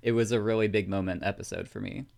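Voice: low voice, steady tone, fast talker, creaky, darkish tone. A podcast co-host chatting casually about an episode, easygoing and agreeable, with hesitant restarts and chuckles. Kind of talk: casual recap chat.

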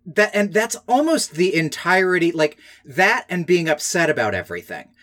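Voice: medium pitch, sing-song, moderate pace, fairly bright tone. A podcast co-host in a casual film-review chat, speaking critically and filling the talk with "like.". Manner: critical, heavy use of "like".

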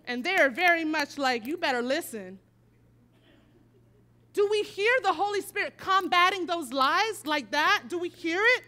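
A woman preaching a sermon, telling a personal story and moving from hushed, quiet passages to emphatic declarations. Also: extremely high pitch, expressive, moderate pace, hardly any pauses.

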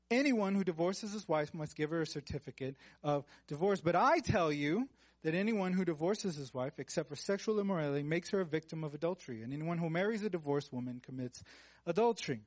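High-voiced casual male preacher. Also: no room sound. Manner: casual and joking, with asides between read verses. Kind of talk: conversational sermon with Bible reading.

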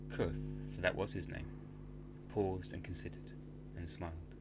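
A man narrating a scripted horror story for a podcast in a measured, hushed dramatic manner. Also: deep voice, little pitch movement, vocal fry, background noise.

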